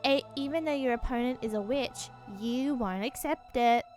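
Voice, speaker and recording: A woman voicing an eerie little girl who lectures slowly and ominously during a casual visual novel read-along. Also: high-pitched, darkish tone, soft background music, lightly acted.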